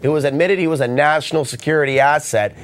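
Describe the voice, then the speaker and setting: A man hosting a call-in radio talk show, hoarse and ranting with passion. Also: a little high, quick pace. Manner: impassioned, ranting.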